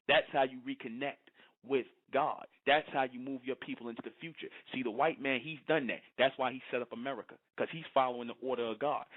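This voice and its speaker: A man giving a preaching monologue, repetitive and full of rhetorical questions. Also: medium pitch. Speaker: commentator. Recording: tinny phone-like sound.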